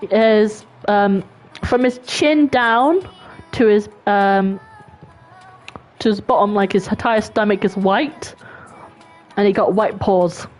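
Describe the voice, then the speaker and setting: A woman's voice: medium pitch, slow pace, pauses often, soft background music. A woman streaming a game, chatting casually and talking fondly to her cat. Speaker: gaming streamer. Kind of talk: casual gameplay chat.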